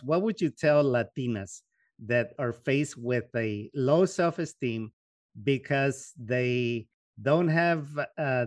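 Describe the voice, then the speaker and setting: A man's voice: mid-range voice, no room sound. A man hosting an interview, asking long, earnest questions. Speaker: host.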